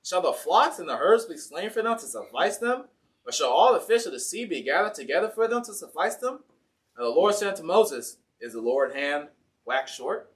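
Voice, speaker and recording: A man's voice: fairly high pitch, sing-song, moderate pace, recorded from a distance. A man with an Ohio accent preaching a casual sermon in a church, reading scripture and acting out the complaining people and God in everyday talk. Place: church sanctuary.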